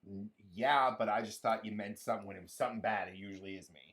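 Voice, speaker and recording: A drag show co-host in casual banter, sassy and quick to swear. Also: sits low. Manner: animated, sassy, swears freely.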